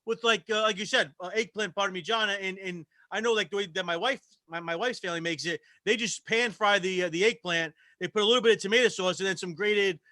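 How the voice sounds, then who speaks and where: Bright, fast man with stammering restarts. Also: high voice, dry recording. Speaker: guest chef. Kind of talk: casual chat.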